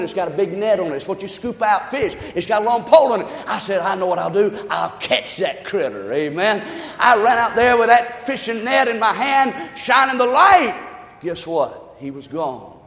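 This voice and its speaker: Very high-voiced preacher in reverb. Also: male voice, sing-song, a little fast. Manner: folksy storytelling with asides to the congregation; fervent, often shouting. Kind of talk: sermon. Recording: reverberant hall.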